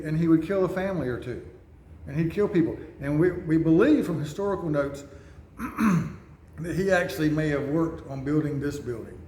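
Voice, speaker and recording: Guy rambling through bible stories, kinda high voice, echoey church, faint noise behind. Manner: rambling, conversational storytelling. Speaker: speaker. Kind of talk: storytelling sermon. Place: church building.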